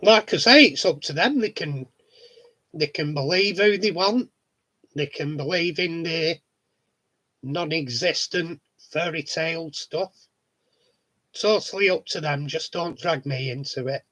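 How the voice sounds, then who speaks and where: Guy rambling on his vlog, blunt n sweary, keeps chuckling, voice sits a bit high. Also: unhurried, sharp tone, poor audio. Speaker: vlogger. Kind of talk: casual chat monologue.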